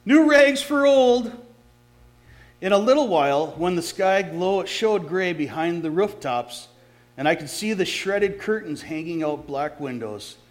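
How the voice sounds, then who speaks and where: A man, a pastor, reading a story aloud in a sermon, catching and correcting his small slips as he goes. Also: on the high side.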